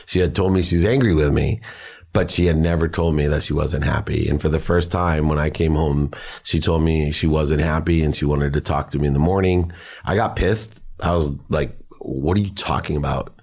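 A man's voice: extremely low pitch, fairly even intonation, normal speed, vocal fry, a little mellow. A middle-aged man, a podcast guest, telling personal stories in an earnest, emotional way. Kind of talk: personal storytelling.

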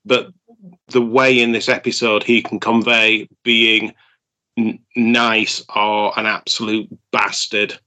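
A man's voice: fairly low pitch, flat delivery, takes it slowly, pushed and bright, low-quality recording. A man co-hosting a podcast, giving enthusiastic, opinionated takes and often stumbling over his words. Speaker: podcast co-host. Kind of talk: casual podcast chat.

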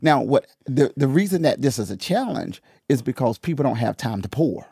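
A man hosting a podcast, talking casually about church and drifting into preaching, animated, laughing often and repeating phrases for emphasis. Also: medium pitch, moderate pace, vocal fry, slight background noise.

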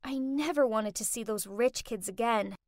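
A woman's voice: on the high side, moderate pace, no echo, clean studio sound. A woman narrating a first-person story in a dramatic, gushing way.

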